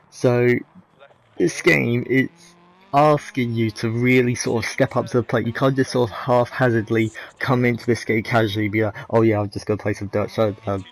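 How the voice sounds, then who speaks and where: A man's voice: mid-range voice, rough recording. A man giving casual, rambling commentary over racing game footage, candid and often correcting himself mid-sentence. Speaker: gaming video creator.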